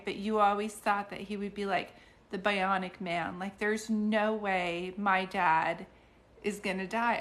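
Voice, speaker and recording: A middle-aged woman doing psychic readings on a live stream, talking in a chatty, rambling way with many restarts and fillers. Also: mid-range voice.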